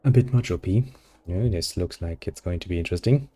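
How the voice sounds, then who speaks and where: A man casually commenting on a role-playing game, swearing in a relaxed, sarcastic way and reading the game's text aloud. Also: low-pitched, brisk, slightly rough. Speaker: gaming video host.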